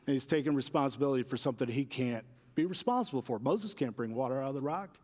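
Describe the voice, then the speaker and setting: A man's voice: mid-range voice, animated, quick pace, darkish tone. A man, a pastor, preaching a sermon in a conversational way and speaking directly to his congregation. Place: church sanctuary. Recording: long church-hall reverb.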